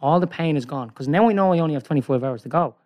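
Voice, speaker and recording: A man in casual conversation tells a sprawling story in a slightly raised voice. He rambles and gets excited, tossing in "right?" again and again as he goes. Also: fairly high pitch, quick pace. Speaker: guest. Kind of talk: animated storytelling in casual chat.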